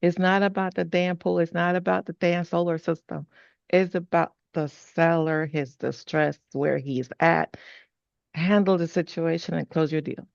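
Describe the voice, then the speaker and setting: A person on a group video call pushes a point insistently, in a gravelly voice. The sound is dull and muffled and close, with no room echo. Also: medium pitch, fairly even intonation, moderate pace. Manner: insistent, stresses points firmly. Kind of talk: casual group chat.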